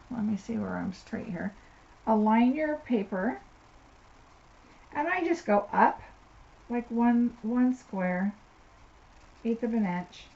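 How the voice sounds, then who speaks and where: Working at her desk during a live card-making tutorial, a woman talks through her process in a somewhat mellow, high-leaning voice with vocal fry. The recording sounds a bit dull, with faint noise underneath.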